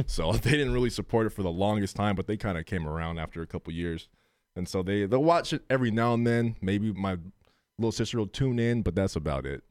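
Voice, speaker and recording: A man's voice: lowish voice, lively intonation, darkish tone, smooth, no echo, clean studio sound. A man co-hosting a podcast in casual chat, rambling with fillers and cursing. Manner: fast, rambling, many fillers and curses. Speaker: podcast co-host.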